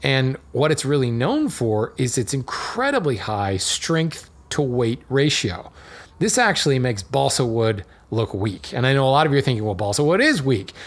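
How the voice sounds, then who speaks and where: A man's voice: medium pitch, sing-song, moderate pace. A man hosting a podcast, explaining a topic in a chatty, digressive monologue with fillers and small laughs. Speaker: podcast host.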